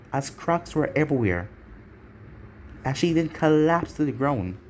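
A man's voice: mid-range voice, a little mellow, a little hiss or hum. A man narrating a fan fiction audio story in a plain storytelling way.

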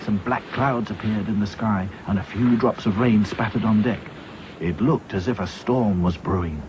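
A man narrating a children's story in a lively, expressive way. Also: lowish voice, normal speed. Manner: lively, voices every character himself. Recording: slightly dull with faint hiss.

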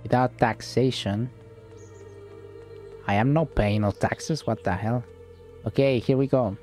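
A man casually narrating his gameplay in a joking, offhand way, swearing now and then. His voice is mellow and dark-toned, and his pitch sits in a middle range. Soft game music plays underneath. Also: measured pace. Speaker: let's play host.

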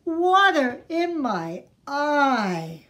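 A woman's voice: sits high, very animated, very slow, fairly bright tone, pitched above the performer's own voice, full character voice. A woman voicing a cranky little duckling girl with a whiny, pouting voice. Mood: whining.

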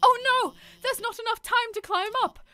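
A woman's voice: very high voice, normal speed, bright, forceful tone, no echo, pitched above the performer's own voice. Woman doing a nerdy lizard scientist in a British accent. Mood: perky. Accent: put-on British. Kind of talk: reading game dialogue aloud.

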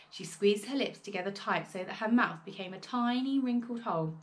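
A woman reading a children's storybook aloud in an expressive storytelling manner. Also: medium pitch, moderate pace.

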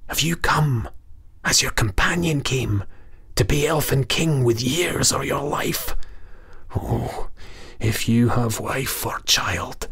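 Sad little wrinkled goblin from a storybook, whispery and wailing, higher and quieter than normal, a guy putting it on. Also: gravelly, slightly rough, heavily acted. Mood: sorrowful pleading. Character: wrinkled old grizzled goblin, once a mortal man, sorrowful.

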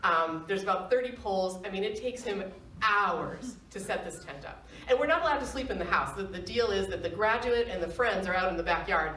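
A middle-aged woman tells a personal story live on stage, lively and quick to laugh. Her voice sits at an ordinary pitch. It carries a roomy echo and is picked up from some distance, with faint background noise. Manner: animated, laughs often, acts out quoted voices. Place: stage in an arts center.

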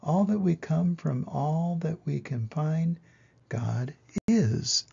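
An ancient, gentle she-turtle speaks with calm wisdom, read by an older man. The voice is gravelly and husky, dark in tone, and unhurried. A slightly dull, lo-fi home recording. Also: fairly high pitch, pitched above the performer's own voice, exaggerated voice. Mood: solemn. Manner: slow, solemn storybook reading.

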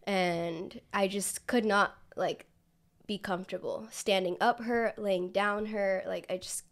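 A woman co-hosting a podcast, telling a story in relaxed casual chat, filling her speech with "like" and quoting herself. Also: mid-range voice, slow pace. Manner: relaxed storytelling, filler-heavy, quotes herself. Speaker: podcast co-host.

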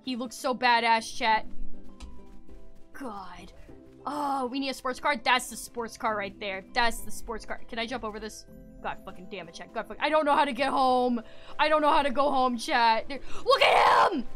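A woman streaming a game, chatting casually with her viewers and swinging between loud squeals and low mutters. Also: normal speed, soft background music. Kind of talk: casual gameplay commentary.

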